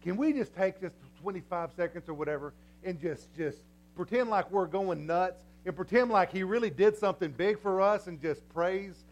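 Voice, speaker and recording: An older man preaching a sermon in a church, folksy and energetic, breaking into cheering shouts. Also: high voice, normal speed. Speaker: pastor. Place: church sanctuary.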